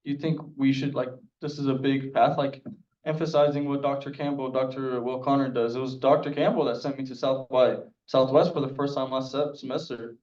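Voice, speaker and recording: Man, excited rambling storyteller, heard from a distance with a dull sound. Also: mid-range voice, brisk. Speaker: student panelist. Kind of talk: panel discussion.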